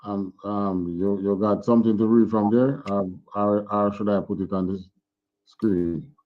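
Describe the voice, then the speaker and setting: A man teaching an online scripture class over a video call, halting and repeating words as he asks questions. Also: fairly low pitch, steady tone, narrow, tinny audio. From Jamaica. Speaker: religious teacher.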